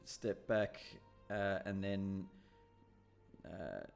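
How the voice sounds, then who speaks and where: A man's voice: sits low, very slow, creaky, darkish tone, faint music behind. A man playing in an online tabletop game, hesitant and full of fillers while he works out his moves. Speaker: player. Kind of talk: casual table talk during a game. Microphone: online call microphone.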